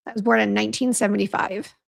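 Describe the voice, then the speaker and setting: A woman's voice: mid-range voice, steady tone, quick pace, gravelly. A woman in her fifties hosting a casual live stream, chatting frankly and reading out viewer comments with a self-deprecating, exclamatory manner. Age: 50s. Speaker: beauty brand owner hosting a live stream.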